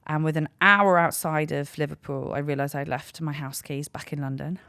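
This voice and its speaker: Low-voiced comedian lady in her 30s, rambly self-mocking storytelling, dry close mic. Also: fairly even intonation, moderate pace, creaky, sharp tone, dry recording. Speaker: podcast host and stand-up comedian. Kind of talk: candid comic storytelling. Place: podcast studio.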